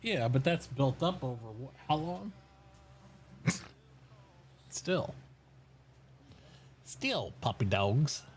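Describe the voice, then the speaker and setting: A man talks casually on a home stream, his voice swinging lively up and down as he chats. He keeps turning to his dog with fond, soft words. A faint hiss sits under the recording. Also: medium pitch, very slow, pauses often, low-quality recording. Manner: chatty, talks fondly and softly to his dog. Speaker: live streamer. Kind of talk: casual chat while streaming.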